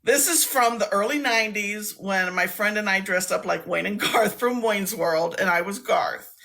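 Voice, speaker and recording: Woman host, casual live-stream chatter, bright tone, talkative and rambling. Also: mid-range voice, normal speed, vocal fry. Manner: chatty and rambling, laughs often.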